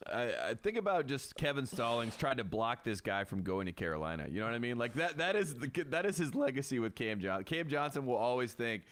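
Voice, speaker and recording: A man's voice: mid-range voice, big pitch swings, quick pace, few pauses, fairly bright tone. A man co-hosting a sports podcast, talking basketball in a loose, joking, chatty way. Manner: joking, rambling basketball banter with frequent laughs. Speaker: podcast co-host. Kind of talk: casual sports chat.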